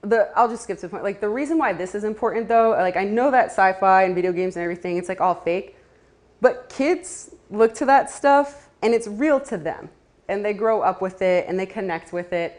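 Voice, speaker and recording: A woman's voice: mid-range voice, expressive, a little fast. Chatty woman talking to a crowd. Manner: chatty, laughing asides, many fillers. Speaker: community speaker. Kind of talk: casual talk to a live audience.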